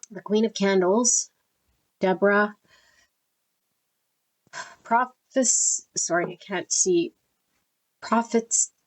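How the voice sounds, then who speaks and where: A woman reading card texts aloud in a tarot deck flip-through at home, slowly and tenderly, easily moved. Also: medium pitch, low-quality recording.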